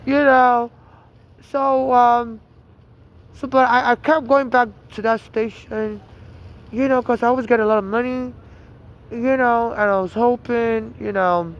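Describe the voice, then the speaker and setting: Recorded outdoors in dull lo-fi with traffic noise, a Nigerian-accented man tells a long story in a casual monologue. His voice is extremely high yet steady, a little slow, and he rambles in an agitated way with frequent restarts and "you know"s.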